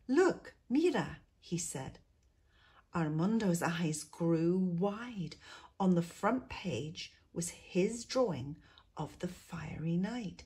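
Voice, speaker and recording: A woman teacher reading a picture book aloud to schoolchildren, expressive and dropping to a hush in quiet moments. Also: fairly low pitch, breathy edge. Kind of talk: storybook read-aloud.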